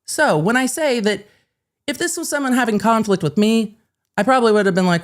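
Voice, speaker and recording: A woman host telling a story casually to camera, blunt and animated, swearing freely and acting out both sides of the conversation. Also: a little high, fairly quick. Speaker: host and lawyer.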